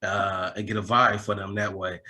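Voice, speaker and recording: A man's voice: sits low, flat delivery, moderate pace, bright, forceful tone. A man co-hosting an interview podcast, asking the guests questions with enthusiasm. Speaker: podcast co-host.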